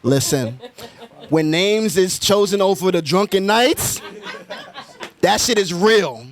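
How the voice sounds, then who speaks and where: A man's voice: high-pitched, expressive, takes it slowly. A man hosting a casual interview, eagerly affirming his guests and repeating his words. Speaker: host.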